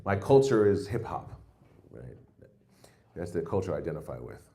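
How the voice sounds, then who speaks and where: Brief: forties New comic, low voice with big swings in pitch, loose and self-mocking. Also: male voice, big pitch swings, normal speed. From New York. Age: 40s. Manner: rambling and self-mocking, with loud jumps into put-on exclamations. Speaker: stand-up comedian. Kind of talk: stand-up set.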